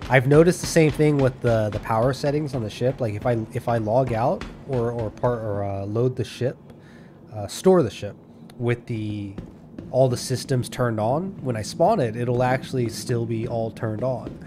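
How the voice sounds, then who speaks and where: Male game streamer, casual chatter, relaxed, laughs a lot, music playing behind. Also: medium pitch, normal speed. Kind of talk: casual gameplay commentary.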